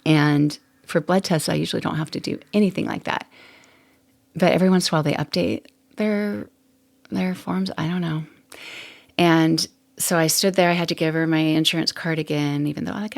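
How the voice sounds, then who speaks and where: Low, gravelly-voiced chatty woman host. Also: steady tone, moderate pace. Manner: chatty and candid, laughs often, rambling asides. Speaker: podcast host. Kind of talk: casual solo podcast monologue.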